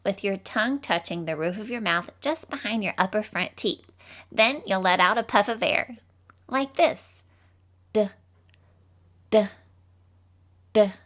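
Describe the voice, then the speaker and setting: A woman's voice: medium pitch, a bit bright, natural voice. A woman voicing a cheerful cartoon phonics teacher, encouraging children with bubbly, sing-song praise.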